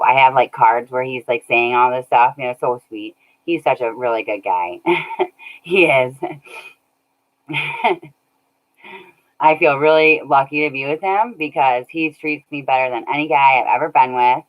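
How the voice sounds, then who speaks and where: Her voice is very deep and her speed normal as she chats casually with her livestream audience. The streamer laughs a lot while reading chat and thanking viewers by name, all captured in dull, lo-fi sound.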